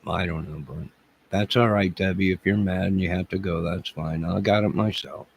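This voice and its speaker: A man's voice: sits low, steady tone, normal speed, creaky, slightly rough, rough recording. A man hosting a YouTube live stream, answering viewer comments in a rambling, crude and mocking way. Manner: combative, crude, mocking and sarcastic.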